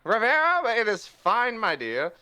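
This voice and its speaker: A man's voice: high-pitched, wildly swooping pitch, unhurried, pushed and bright, clear, resonant tone, pitched above the performer's own voice, full character voice. A man voicing a pompous, delusional male cat rogue who speaks with grand self-assurance. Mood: boastful.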